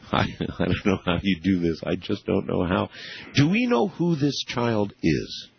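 Low husky radio host, amazed. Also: male voice, big pitch swings, a little slow, dull audio. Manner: hesitant, amazed, many fillers. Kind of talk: radio call-in interview.

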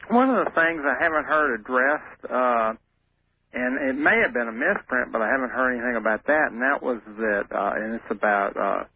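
A man's voice: mid-range voice, expressive, normal speed. A man calling into a radio show who talks in a hesitant, chatty way with many fillers. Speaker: caller. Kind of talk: phoned-in radio call. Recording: muffled phone call on AM radio with faint noise.

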